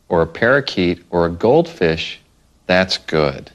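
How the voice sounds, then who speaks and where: A man hosting a children's read-along, talking slowly with sing-song emphasis and playful animal sounds. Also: low-pitched, lively intonation, bright, forceful tone, dry recording. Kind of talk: slow, animated reading to young children.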